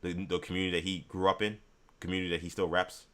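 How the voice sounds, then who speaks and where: Deep-voiced, forceful sports talk host. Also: male voice, fast talker. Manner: animated, ranting. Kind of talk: live sports talk, reading chat.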